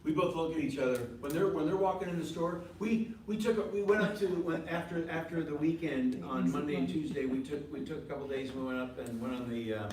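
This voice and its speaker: A man's voice: a little high, brisk, few pauses, darkish tone, recorded from a distance, a little hiss or hum. Man teaching a class in an echoey room. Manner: conversational, repeats points, asks the class questions. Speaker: ministry teacher. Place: meeting room with a group.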